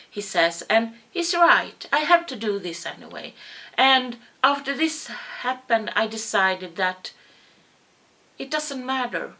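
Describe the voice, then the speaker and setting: Bright-voiced woman telling a personal story. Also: on the high side, lively intonation. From Sweden. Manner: halting, repeats words, rises to yelling when quoting herself. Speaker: vlogger.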